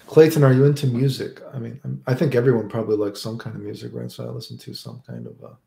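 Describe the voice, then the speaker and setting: A man's voice: mid-range voice, expressive, fast, creaky, warm tone, roomy sound. A man chatting casually on a stream, rambling and answering viewer questions, often tagging "right?" onto his sentences. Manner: rambling, keeps adding "right?".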